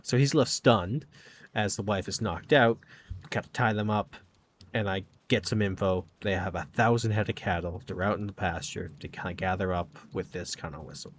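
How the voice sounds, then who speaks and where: A man's voice: low voice, moderate pace, a little hiss or hum. A man casually recounting a tabletop game session, rambling and filling with "kinda" and "like". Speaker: gaming channel host.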